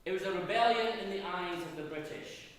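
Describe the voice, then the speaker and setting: Theatrical Scottish man in an echoey hall. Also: brisk. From Scotland. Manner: theatrical, swings from loud emphatic bursts to low hushed asides. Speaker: history lecturer. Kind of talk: dramatic storytelling lecture. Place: university auditorium. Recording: echoey hall, voice far from mic.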